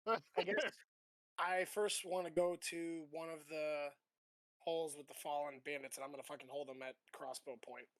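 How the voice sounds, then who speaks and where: A man playing a tabletop role-playing game, animated and swearing freely. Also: fairly high pitch, normal speed, dry recording. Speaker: player. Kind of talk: casual tabletop game play.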